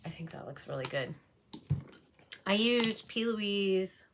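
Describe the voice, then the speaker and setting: A woman's voice: mid-range voice, animated, slow pace, noisy background. A woman beauty vlogger chatting casually and rambling while doing her makeup. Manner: chatty, rambling, with frequent fillers. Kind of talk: casual makeup tutorial chat.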